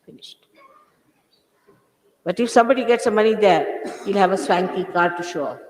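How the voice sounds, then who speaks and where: Her mid-range voice moves at normal speed as this older woman lectures her followers in an informal spiritual talk. Firm and scolding, she hammers points home through repetition, with a large hall's long reverb and an old archive-tape quality to the sound.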